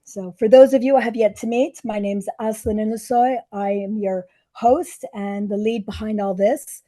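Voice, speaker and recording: Hoarse middle-aged woman hosting a webinar. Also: mid-range voice, steady tone, moderate pace, warm tone. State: hoarse, losing her voice. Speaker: webinar host, diplomat. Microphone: microphone.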